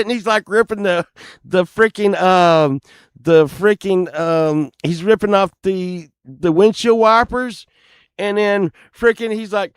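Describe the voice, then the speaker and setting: A middle-aged man, telling a casual anecdote and loudly acting out the people in it. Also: high voice, moderate pace, smooth, dry recording, studio quality. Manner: animated, acts out quoted lines loudly, laughs while telling. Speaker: storyteller.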